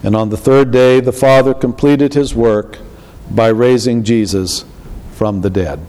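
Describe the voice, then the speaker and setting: Male pastor, measured sermon delivery, slow, long hall reverb. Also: mid-range voice, fairly even intonation, mellow. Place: church.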